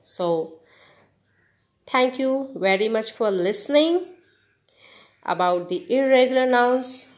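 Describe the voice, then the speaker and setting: This podcast host teaches English grammar at an unhurried pace, leaving long pauses between phrases. Her voice sits on the higher side with lively intonation, and she spells each word letter by letter while cheering on her audience.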